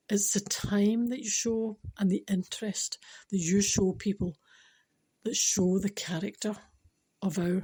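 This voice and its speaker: A woman's voice: mid-range voice, warm tone, breathy edge. A woman with a Scottish accent telling a moving story and giving a spiritual talk, chatty and emotional, laughing often.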